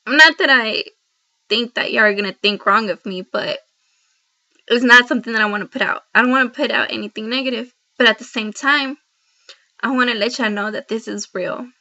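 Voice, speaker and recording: Talking fairly quickly in a slightly high, sharp voice, a Christian woman addresses her viewers directly in a heartfelt, rambling devotional vlog. She records on a laptop's built-in microphone, giving dull lo-fi audio.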